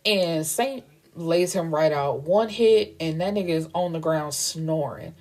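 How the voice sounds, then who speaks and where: Chatty woman with a mellow, low voice. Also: measured pace, hardly any pauses. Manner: chatty, slangy, frank. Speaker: book reviewer host. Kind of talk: casual book recap.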